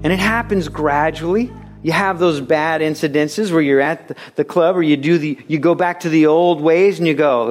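A man's voice: a little high, normal speed. A man preaching a sermon as pastor, telling stories and acting out quotes. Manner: animated storytelling with acted-out quotes. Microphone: radio broadcast of a recorded sermon.

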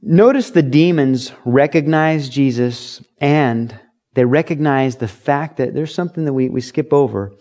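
A man's voice: mid-range voice, measured pace, a little mellow. Conversational middle-aged male pastor preaching. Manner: conversational, acts out quoted lines, reads scripture aloud. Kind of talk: sermon.

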